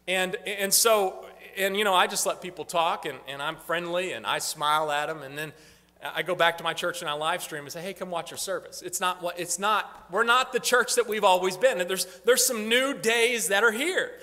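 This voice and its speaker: Bright, high-voiced pastor in a reverberant sanctuary. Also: male voice, normal speed. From northern United States. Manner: casual, rambling, frequent restarts. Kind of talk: informal church talk on ministry updates. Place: church sanctuary. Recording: long reverb in a church hall.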